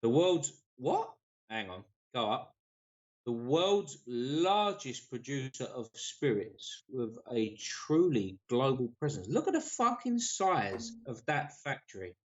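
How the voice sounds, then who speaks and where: A man's voice: medium pitch, big pitch swings, slow, muffled recording. A man hosting a casual live stream, joking around, swearing freely and reading out viewers' comments.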